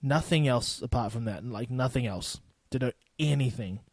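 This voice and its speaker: A man's voice: medium pitch, normal speed, no echo. A young man in his twenties with a New Zealand accent, hosting a casual solo podcast in a loose, profane, rambling way. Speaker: podcast host.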